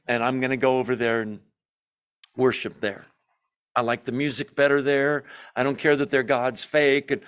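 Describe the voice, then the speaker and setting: Male Bible study teacher, mid-pitched, animated and jokey, fond of rhetorical questions.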